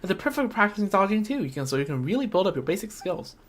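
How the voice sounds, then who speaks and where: A woman voicing a cheerful, earnest young girl traveler in a game, speaking brightly. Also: medium pitch, very animated, very fast. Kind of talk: game character voice line.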